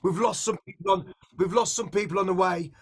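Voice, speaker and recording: A middle-aged man from England with a noticeably high voice, reflecting in a casual interview. He rambles, circles back and repeats himself as his thoughts run ahead of his words, with an intense edge to his talk. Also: steady tone, a little fast, breathy edge. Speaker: interviewed artist.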